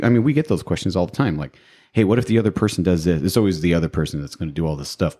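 A man's voice: low-pitched, warm tone. A man co-hosting a podcast, chatting in a laid-back, rambling way. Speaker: podcast co-host. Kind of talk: casual podcast chat.

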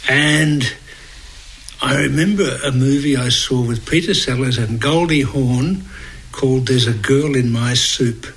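A man's voice: medium pitch, unhurried, fairly bright tone. A man, co-hosting a podcast in casual movie chat, chatty and laughing at his own anecdotes. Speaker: podcast co-host.

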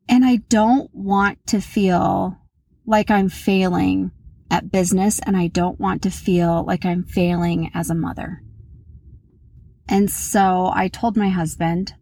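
On her casual solo podcast, a woman in her thirties chats candidly about her week and pokes fun at herself. Her medium-pitched voice is a little mellow, and there's no echo.

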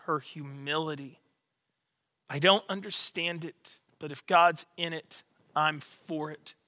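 A man preaching a sermon as a pastor, telling the story with lively acted-out quotes and then dropping to soft, reflective passages. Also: a little high. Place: church sanctuary. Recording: long hall reverb in a church.

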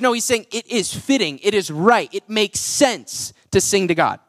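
A man's voice: sits high, expressive, normal speed, few pauses, a bit bright, no room sound, studio quality. A young adult man preaching a casual, joking sermon to his church, full of "like" fillers. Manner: chatty, jokey, full of "like" fillers. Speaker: pastor and worship leader. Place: church auditorium with a congregation.

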